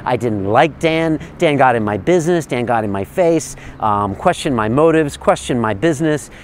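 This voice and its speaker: A man's voice: mid-range voice, expressive, moderate pace, a little hiss or hum. A man hosting a show, talking casually to the camera in a friendly, enthusiastic way with lots of "uh" fillers. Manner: loose, rambling, many "uh" fillers. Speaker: host.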